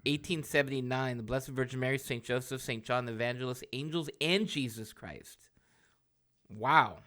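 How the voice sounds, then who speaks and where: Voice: mid-range voice, moderate pace, a bit bright. A co-host chatting casually and asking teasing, curious questions. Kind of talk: casual chat.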